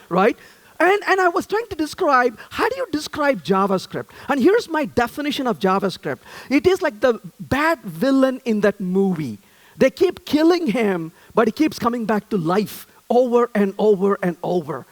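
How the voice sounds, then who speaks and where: A man's voice: very high-pitched, very animated, normal speed. A man giving a conference talk on stage, joking and asking the audience questions. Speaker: conference speaker.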